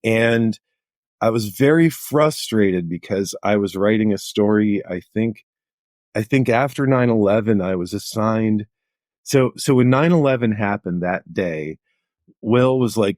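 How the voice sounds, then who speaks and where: A man's voice: fairly low pitch, measured pace, a little mellow, no room sound, clean studio sound. Chatty middle-aged man telling stories. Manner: anecdotal, chatty, many "like" fillers. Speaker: guest journalist. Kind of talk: casual interview storytelling.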